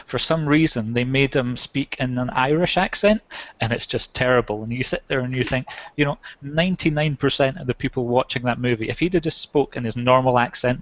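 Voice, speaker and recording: A man chatting casually with an opinionated, dry delivery. His pitch is an ordinary middle. The sound is dull and lo-fi. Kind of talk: casual chat.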